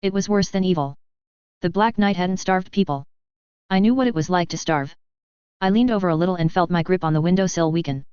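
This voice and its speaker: A woman reading first-person fiction aloud in a tense, measured storytelling manner. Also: on the low side, darkish tone, clear, resonant tone, no room sound. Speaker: audiobook reader. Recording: dry, slightly muffled recording.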